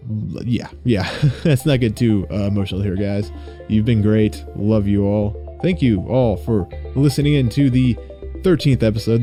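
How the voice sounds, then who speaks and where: A young man hosting his own podcast, chatting casually and excitably, rambling and swearing freely. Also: mid-range voice. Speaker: podcast host. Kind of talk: casual solo podcast chat.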